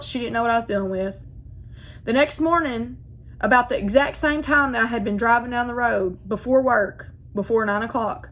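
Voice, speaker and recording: A woman's voice: a little high, a bit bright. A woman telling her personal faith story to viewers, earnest and heartfelt, often repeating phrases and speaking to them directly. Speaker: faith vlogger. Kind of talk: personal testimony, casual.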